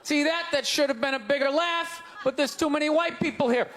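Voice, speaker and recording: Ranting high-voiced comedian before a laughing crowd. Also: male voice, fairly quick. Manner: loud, ranting, incredulous delivery with shouted punchlines. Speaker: stand-up comedian. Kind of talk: stand-up comedy set. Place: large comedy venue on stage. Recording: live show with crowd laughter and noise. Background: audience laughing and groaning.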